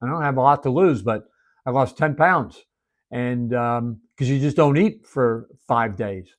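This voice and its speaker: Man, preacher, sermon, animated storytelling, emphatic and hushed turns. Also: mid-range voice, unhurried.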